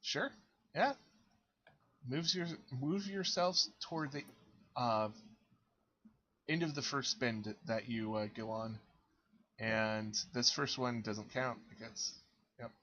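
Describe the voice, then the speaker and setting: A man narrating a tabletop game as game master, relaxed and halting, often pausing on fillers. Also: mid-range voice, dull audio.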